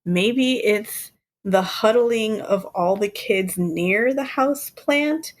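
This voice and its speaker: A woman's voice: mid-range voice, slow pace. A woman in her thirties co-hosting a podcast, chatting casually and laughing often as she recounts things. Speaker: podcast co-host. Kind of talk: casual chat.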